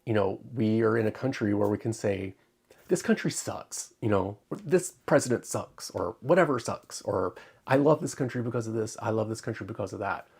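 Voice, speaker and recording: A man hosting his own crafting channel, talking casually on a livestream, halting with many ums and close to tears. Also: fairly low pitch, animated, gravelly, a little mellow, husky. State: tearful.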